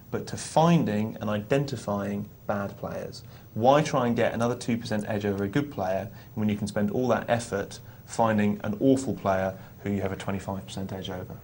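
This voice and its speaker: A man's voice: on the low side, slight background noise. A man co-hosting a live poker show, explaining ideas thoughtfully with occasional restarts. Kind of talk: live on-air poker talk.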